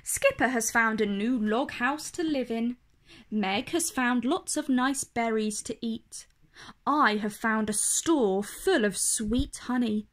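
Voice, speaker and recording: A woman reading a picture book aloud for children, in a slow, clear, expressive way. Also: on the high side. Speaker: storyteller.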